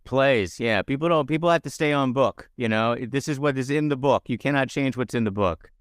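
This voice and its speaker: Eager podcast host, smooth dry voice. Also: male voice, mid-range voice, fairly quick, dry recording. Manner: eager, rambling questions. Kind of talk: interview chat.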